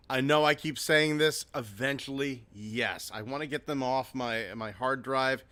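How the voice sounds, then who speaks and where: Bright-voiced man hosting a casual show. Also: medium pitch, a little slow, few pauses. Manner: loose and profane, laughs often. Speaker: host reading viewer comments. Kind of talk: casual chat.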